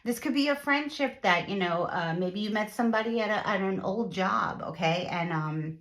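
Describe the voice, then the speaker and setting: A woman's voice: medium pitch, moderate pace, fairly bright tone. A woman chatting through a casual tarot reading to her viewers, repeating herself and using lots of fillers. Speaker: tarot reader.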